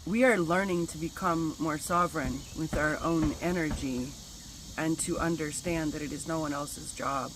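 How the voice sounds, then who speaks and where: A woman's voice: sits low, moderate pace, noisy background. A middle-aged woman vlogging, telling a personal story candidly, with casual swearing and spiritual talk. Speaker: wellness vlogger.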